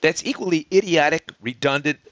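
A man's voice: on the high side, brisk, a bit bright, no room sound, muffled recording. A man delivering a sarcastic, ranting explainer monologue that keeps asking the listener questions. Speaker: vlogger on life in Mexico.

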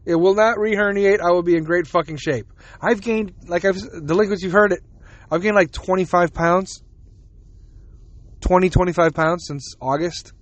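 Guy rambling on his podcast, cussing a lot, kinda high voice, dry close mic. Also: normal speed, no room sound. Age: adult with a child. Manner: profane, rambling, self-deprecating. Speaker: podcast host. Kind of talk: casual solo podcast monologue.

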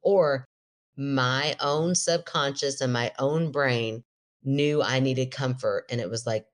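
A woman's voice: a bass voice, slow. A middle-aged woman co-hosting a podcast, telling a story in casual chat, laughing often and acting out what people said. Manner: animated storyteller, laughs often, quotes herself in a raised voice. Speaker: podcast co-host.

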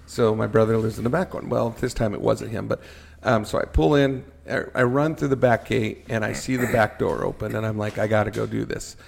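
A middle-aged man telling a story on a podcast, animated and joking as he goes. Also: lowish voice, fairly quick, creaky, few pauses. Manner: animated storyteller, jokey asides. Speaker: podcast guest. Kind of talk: casual storytelling.

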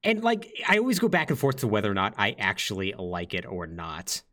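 A man's voice: on the low side, brisk. A young man co-hosting a casual podcast, talking loosely with fillers and short laughs. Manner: lively, rambling with fillers and laughs. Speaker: podcast co-host. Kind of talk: casual chat.

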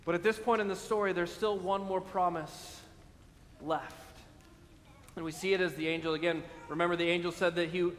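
A man with a high voice preaches to his congregation. He drags out important phrases and keeps asking "right?" His voice carries a long reverb over faint background ambience. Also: fairly even intonation, slight background noise. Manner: emphatic preaching with slow stressed phrases and frequent "right?". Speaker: pastor. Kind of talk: sermon.

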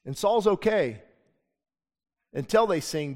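A middle-aged man preaches in an impassioned sermon style, his voice sitting a little high for a man. He acts out the people he quotes as he goes. The sound carries a long reverb like a big church sanctuary. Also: moderate pace. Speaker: pastor.

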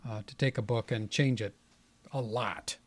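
A man's voice: medium pitch, steady tone, moderate pace. A middle-aged man co-hosting a casual film chat, dry and wry, tossing in jokey asides. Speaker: podcast co-host.

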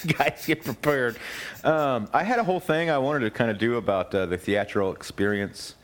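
A man's voice: medium pitch, normal speed. A man hosting a casual radio talk show, chatting loosely with many fillers and frequent laughs. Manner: laughs often, rambling with fillers. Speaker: podcast host.

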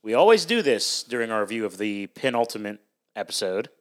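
A man's voice: on the low side, big pitch swings, brisk. A man hosting a casual podcast, upbeat and loose, laughing often as he leads the chat. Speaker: podcast host.

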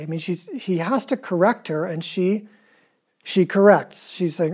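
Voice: mid-range voice, moderate pace, a little mellow, slightly rough. A preacher giving a conversational sermon, asking the listeners questions and retelling scripture in casual, everyday words.

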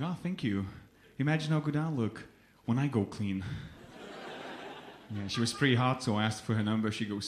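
A young man from Lithuania with a Lithuanian accent, performing a stand-up comedy set in a deadpan storytelling manner on a club stage. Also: mid-range voice, a little fast, roomy sound, a little hiss or hum. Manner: deadpan storytelling, acts out quoted people.

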